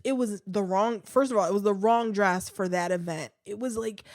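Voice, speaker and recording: A woman's voice: a little high, a little mellow, no echo, clean studio sound. A woman hosting a podcast, talking in a chatty, candid way with many fillers, sighs and restarts. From United States. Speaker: podcast host. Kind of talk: casual podcast commentary.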